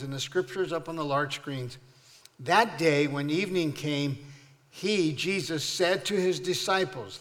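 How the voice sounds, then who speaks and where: A man preaching a sermon as pastor, leading the congregation in call-and-response, rising loud and high on his questions and dropping soft on quiet lines. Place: church sanctuary. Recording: long hall reverb.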